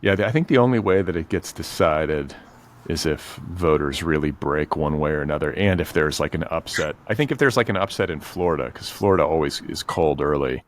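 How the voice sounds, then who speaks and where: A man's voice: a bass voice, brisk, a little hiss or hum. A man hosting a podcast, chatting casually with dry, wry humor. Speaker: podcast host.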